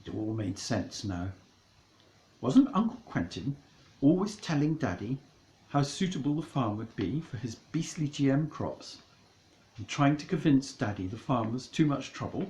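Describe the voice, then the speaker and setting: A man narrating a comic storybook in a mock-dramatic, deliberate way. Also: mid-range voice, sing-song, darkish tone, reverberant, poor audio.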